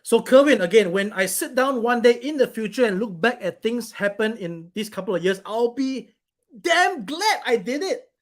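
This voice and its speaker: A man's voice: high-pitched, moderate pace, few pauses. Blunt, irritated man on a live stream. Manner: irritated, blunt, swears, rambling. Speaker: company owner hosting a live stream. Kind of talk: casual live stream, reading viewer comments.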